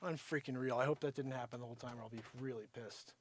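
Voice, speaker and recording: A man's voice: mid-range voice, steady tone, quick pace, noisy background. A man who makes his own comedy videos, muttering to himself in frustration. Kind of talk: casual talk to camera.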